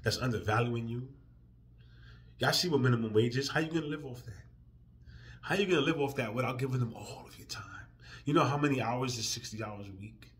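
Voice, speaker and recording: Emotional man ranting, bright voice. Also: medium pitch, fairly quick. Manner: profane, swings from quiet and weary to loud and heated. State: emotional, near tears. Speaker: vlogger. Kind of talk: emotional vlog rant.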